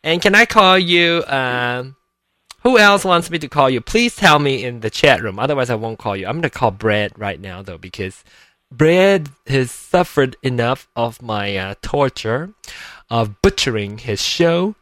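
A man's voice: medium pitch, lively intonation, measured pace, sharp tone, no room sound. A man hosting a live podcast show, chatty and jokey, easily distracted. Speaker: podcast host.

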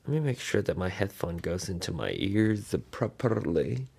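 A man hosts his podcast in loose, rambling chat, often interrupting himself. His voice sits low, yet his pitch moves about in a lively way. He talks into a handheld recorder in his living room at home. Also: normal speed, creaky, husky, no echo. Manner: chatty, rambling, self-interrupting. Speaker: podcast host.

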